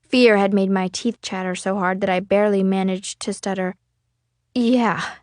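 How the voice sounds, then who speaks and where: Woman narrating a novel aloud, expressive first-person read, dry and close sound. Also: mid-range voice, a little fast, no room sound. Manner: casual, expressive storytelling. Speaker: audiobook reader.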